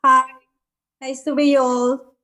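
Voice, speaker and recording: A woman's voice: sits high, little pitch movement, measured pace, sharp tone. A woman from Mexico introducing herself on a video call in a shy, giggly way.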